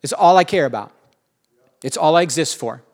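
A preacher voicing a fervent apostle, speaking in driven, repeated declarations. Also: male voice, a little high, animated, fairly quick, lightly acted. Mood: zealous. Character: fervent apostle, man, single-minded preacher. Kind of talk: sermon.

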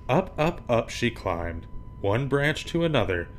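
A man reading children's picture books aloud for his podcast, with a lively, swinging voice pitched in the middle. He acts out the sounds with gusto, and a faint hiss sits under the recording. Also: unhurried. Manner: animated, acts out sound effects.

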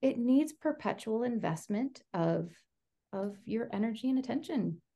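Earnest woman with a gravelly edge. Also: fairly high pitch, measured pace. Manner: earnest, filler-heavy, says "like" often; animated storyteller. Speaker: education researcher, podcast guest. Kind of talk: casual interview conversation.

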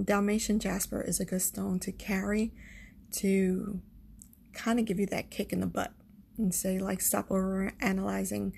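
A woman giving a calm, encouraging spiritual talk on stones and star signs, repeating affirmations for listeners to say back. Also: mid-range voice, slightly rough. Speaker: astrology and crystal reader. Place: new, not yet quiet spot. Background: faint background noise.

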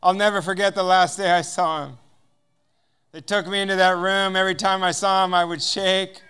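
An American guest speaker with a high-pitched, flat voice gives a personal testimony at normal speed, his tone bright, forceful, and clean. He acts out the dialogue as he tells the story, chuckling often.

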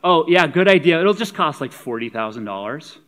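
A tired, hungry disciple with a mock-polite, sarcastic edge, put on by a preacher mid-sermon. He sounds like an ordinary man in the middle of an everyday complaint, at a medium pitch. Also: measured pace, lightly acted.

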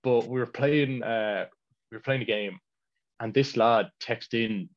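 A teenage Irish lad chatting casually, telling rambling stories and laughing mid-sentence. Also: male voice, mid-range voice, measured pace. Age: teens. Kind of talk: casual chat. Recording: dull lo-fi sound.

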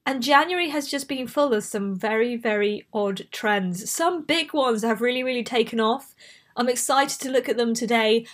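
A woman's voice: fairly high pitch, normal speed. A woman from Bristol with a light Bristolian accent, hosting a casual solo podcast while she has a cold, chatty and prone to tangents. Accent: light Bristolian English. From Bristol, England. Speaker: podcast host.

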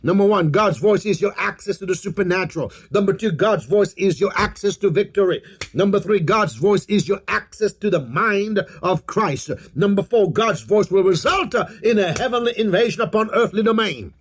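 A man's voice: high-pitched, moderate pace, slightly rough. A man preaching a sermon, leading the congregation in call-and-response, drawing out phrases and repeating declarations with emphasis.

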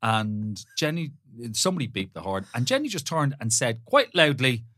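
A man's voice: medium pitch, sing-song, normal speed, pushed and bright, no room sound, clean studio sound. A man co-hosting a podcast, telling stories in casual chat, teasing and often restarting his sentences. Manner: teasing storyteller, many restarts. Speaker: podcast co-host.

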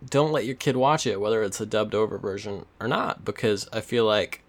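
A man's voice: on the low side, brisk. A young man chatting casually as a podcast co-host, rambling with many fillers. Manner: rambling, laid-back, frequent fillers. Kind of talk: casual chat.

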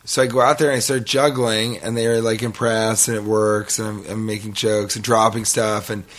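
A man's voice: on the low side, level tone, moderate pace, fairly bright tone. A man co-hosting a podcast, telling a long story in a rambling, profane, self-mocking way. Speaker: podcast co-host. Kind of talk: casual storytelling chat.

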